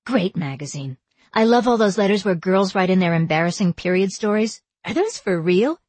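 A woman reading the lines of a chatty young publicity assistant on the phone, in a husky voice. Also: medium pitch, expressive, moderate pace, a little mellow, no echo, natural voice. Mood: breezy. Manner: breezy, chatty.

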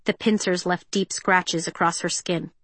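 A woman reading an audiobook in a measured, tense and expressive way. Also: lowish voice, dry recording. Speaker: narrator. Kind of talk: audiobook narration.

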